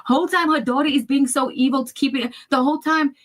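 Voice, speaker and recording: A woman's voice: sits high, steady tone, fast. A woman in a casual vlog, emphatically telling a family story, acting out other people's lines and addressing viewers as y'all. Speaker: storyteller in her own video.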